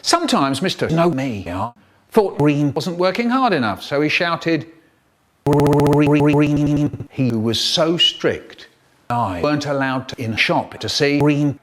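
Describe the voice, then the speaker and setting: Slow, lively man telling absurd stories. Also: fairly high pitch. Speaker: comedy voiceover narrator. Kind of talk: absurd comic storytelling.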